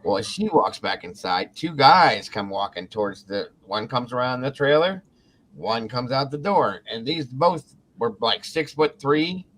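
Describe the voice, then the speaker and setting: A man's voice: mid-range voice, measured pace, a little hiss or hum. A man from Ohio hosting a casual talk show, telling a story with swearing and acted-out quotes. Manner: animated, swears freely, acts out quotes. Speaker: podcast host.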